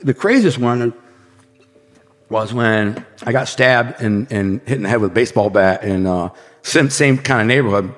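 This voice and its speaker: A man's voice: medium pitch, normal speed. Slangy storytelling man, hall echo. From Detroit, United States. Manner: vivid, slangy, acts out scenes with sound effects. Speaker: podcast guest. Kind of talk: casual storytelling. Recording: long hall reverb, faint music behind.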